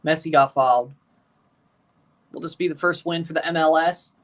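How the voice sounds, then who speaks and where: A man's voice: fairly high pitch, steady tone, moderate pace. A man giving casual live commentary while watching a football match, talking through the play, answering viewers, and getting nervous near the end. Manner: chatty, nervous, calls out play as it happens. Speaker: streamer reacting to a live match.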